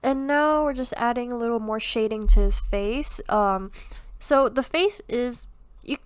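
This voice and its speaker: A woman's voice: medium pitch, smooth, no room sound. Congested young woman rambling through a drawing tutorial. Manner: rambling with many fillers and self-laughs. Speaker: art youtuber. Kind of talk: casual drawing tutorial commentary.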